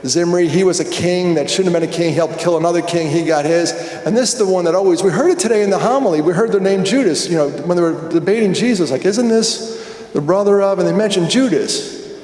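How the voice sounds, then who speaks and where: A man's voice: high voice, fast talker, a little mellow. A man giving a conversational, jokey talk at a conference, telling stories and asking the audience questions. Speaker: conference speaker. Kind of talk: storytelling keynote talk. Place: large hall with an audience. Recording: echoey hall, long reverb.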